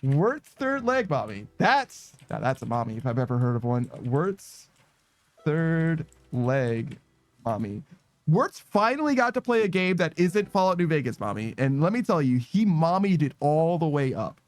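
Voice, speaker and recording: Streamer, male, higher register, loose and self-mocking, laughs and curses easily. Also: very animated, normal speed, dry recording. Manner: keeps tacking a running joke word onto sentences, laughs and swears often; flustered, rambling shout-outs to chat. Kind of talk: casual live-stream chat.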